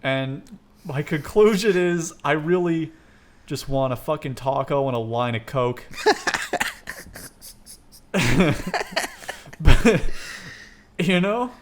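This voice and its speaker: A young man hosting a casual comedy podcast, telling dark, absurd stories and laughing often. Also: fairly high pitch, lively intonation, slow pace, pauses often, background noise. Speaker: podcast host.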